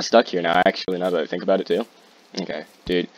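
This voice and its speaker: A man giving live commentary while playing a game, excitable and quick to repeat himself in bursts. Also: sits low. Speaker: gaming YouTuber. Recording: muffled lo-fi mic with faint hiss.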